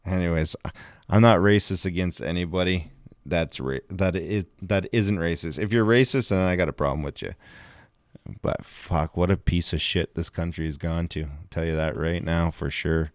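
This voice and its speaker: A deep-voiced man on a live stream, reacting to clips with crude, profanity-heavy chatter. The voice is close and dry. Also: normal speed, no echo. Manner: crude, heavy swearing, laughing. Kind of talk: reacting to videos, casual chat.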